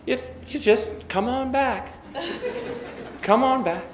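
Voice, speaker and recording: Man playing a cheery middle-aged mother, high and sing-song, in a reverberant hall. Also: takes it slowly. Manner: sing-song, airy, dismissive. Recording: echoey banquet hall reverb.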